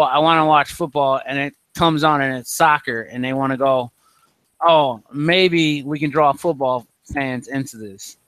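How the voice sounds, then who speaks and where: Incredulous American host, dry sound. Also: male voice, a little high, fairly bright tone, smooth, dry recording. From United States. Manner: incredulous, questioning. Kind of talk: casual group video chat.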